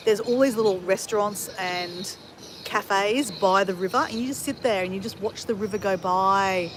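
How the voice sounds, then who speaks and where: A woman's voice: medium pitch, noisy background. A woman of fifty chatting casually on a travel livestream and answering viewers in a rambling, talkative way with frequent swearing. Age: 50s. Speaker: travel vlogger.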